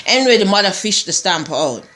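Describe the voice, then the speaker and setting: A woman's voice: medium pitch, big pitch swings, a little fast, a bit bright. A woman casually recapping a TV episode, rambling and digressive with many restarts and asides. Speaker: TV show reviewer.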